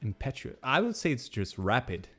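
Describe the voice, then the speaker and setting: A man with a Russian accent, speaking English as a second language and co-hosting a casual chat, meandering and halting as he explains things. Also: medium pitch, big pitch swings, bright, forceful tone, faint music behind. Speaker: podcast co-host.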